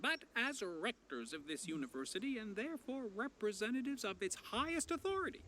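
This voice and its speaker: A man's voice: high-pitched, sing-song, brisk, bright, forceful tone, slight background noise, full character voice. A man voicing a haughty, sardonic old university rector in a video game.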